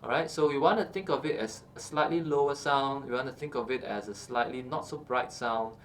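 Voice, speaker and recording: A man teaching singing, explaining calmly with many fillers and checking in with "okay" as he goes. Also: mid-range voice, a little fast, a little hiss or hum. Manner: explains calmly with frequent uh and okay, breaks into short sung examples. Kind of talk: instructional talk with sung demonstrations.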